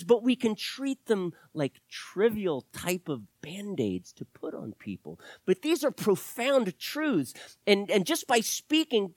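A middle-aged male pastor preaching a sermon, animated, swinging from loud exclamations to hushed, whispered asides. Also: high-pitched, takes it slowly, no echo.

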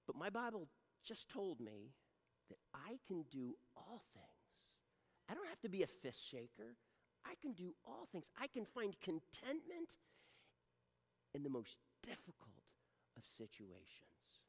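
A pastor preaching a sermon to a congregation, swinging from loud exhortation down to a hushed near-whisper and often checking in with the listeners. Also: medium pitch, huge pitch swings, measured pace, slightly rough, big-room sound. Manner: direct address to congregation, repeated rhetorical checks.

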